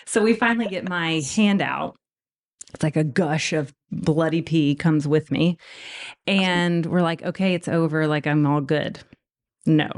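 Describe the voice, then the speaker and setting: A woman in her thirties telling a story in casual chat, laughing and whispering the quoted lines. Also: sits low. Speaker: veterinarian guest.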